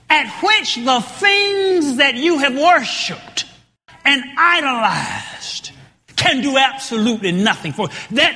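Male preacher, very high and bright voice, slow emphatic delivery that rises to shouts, long hall reverb. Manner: emphatic, rising to shouted points with repeated words. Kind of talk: sermon with scripture reading.

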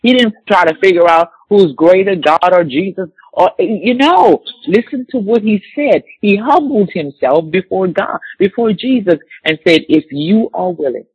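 Preacher, male, slightly high husky voice, emphatic repetition, dry close recording. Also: animated, no echo, lo-fi sound. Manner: slow emphatic scripture reading, repeating key words. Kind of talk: sermon with scripture reading.

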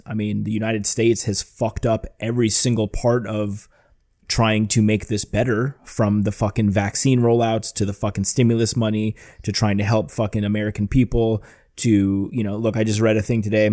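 A man with a lowish voice chats casually as a podcast host. He rambles, restarts his sentences and swears constantly. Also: level tone, normal speed, a little mellow. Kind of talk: casual profane chat.

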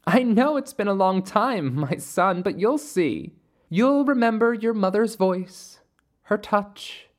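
A storyteller voicing a ghostly mother who speaks softly, sweetly and soothingly. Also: mid-range voice, expressive, slow pace, voice pushed up. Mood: eerily tender. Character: ghostly mother, soft and doting, eerily tender.

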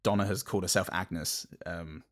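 Low-voiced man chatting haltingly about a film. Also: steady tone. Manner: halting, many restarts, dry humour. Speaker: podcast co-host. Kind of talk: casual film review chat.

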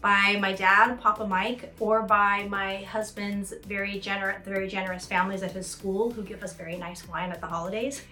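Bright chatty woman host, echoey room. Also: medium pitch, moderate pace, hardly any pauses. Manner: chatty, laughs easily, animated. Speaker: author and show host. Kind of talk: casual commentary chat. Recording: echoey room with faint music.

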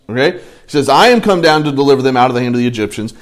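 A man teaching an adult Bible study, talking in a conversational way with restarts and asides, then reading scripture aloud slowly. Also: on the high side, sing-song.

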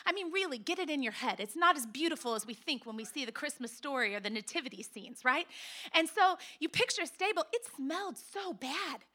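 A woman pastor delivers a sermon in a high, bright voice. She tells the story with lively, playful asides and talks straight to her congregation. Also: brisk.

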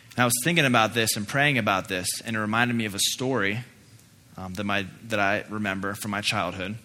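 A man's voice: on the low side, sharp tone. A young adult man preaching a sermon as pastor, earnest and emphatic, often repeating himself for weight, then leading a prayer. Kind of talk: sermon with personal story and prayer. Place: church sanctuary. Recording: echoey hall, faint noise.

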